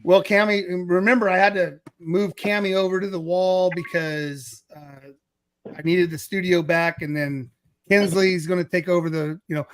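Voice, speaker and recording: A middle-aged man hosts a casual livestream show over a video call. His voice sits a little high, and he rambles, apologizes and restarts his sentences often. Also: steady tone, moderate pace, dry recording. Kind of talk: casual chat.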